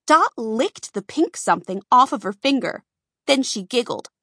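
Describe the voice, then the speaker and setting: A woman reading a children's storybook aloud, slow and expressive. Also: on the high side, no room sound, clean studio sound. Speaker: narrator.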